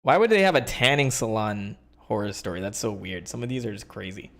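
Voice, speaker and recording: A man's voice: fairly low pitch, very animated, fairly quick, creaky, fairly bright tone. Young male streamer, casual rambling chat, easy laughter. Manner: rambling, filler-heavy, laughs often. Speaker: streamer host.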